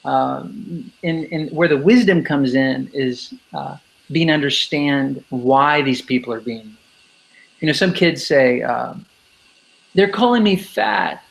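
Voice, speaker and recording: Gravelly-voiced man explaining with emphasis. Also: mid-range voice, fairly even intonation, takes it slowly, poor audio. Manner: emphatic, acts out kids' voices in quotes. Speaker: anti-bullying speaker and educator. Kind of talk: interview guest explaining.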